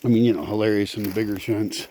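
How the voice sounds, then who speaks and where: A man talks to the camera outdoors on his land in a casual, sardonic way, often swearing and muttering to himself. His voice is mellow and relaxed. A faint hiss of background noise sits under the recording. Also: on the low side, fast. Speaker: vlogger. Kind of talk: casual walking vlog.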